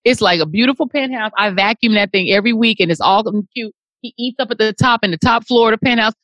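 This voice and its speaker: A woman co-hosting a casual chat, telling playful, animated stories. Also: a little high, fast talker, no room sound, highs cut off.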